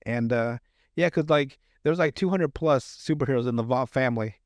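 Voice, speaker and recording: A man's voice: mid-range voice, moderate pace, no echo. Man, podcast host, rambling casual recap, filler words, dry close mic. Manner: rambling with many fillers and restarts, laughs often.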